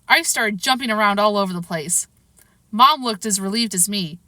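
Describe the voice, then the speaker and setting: A woman reading a children's novel aloud in a lively, expressive way. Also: medium pitch, normal speed, dry recording. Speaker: reader. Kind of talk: storybook narration.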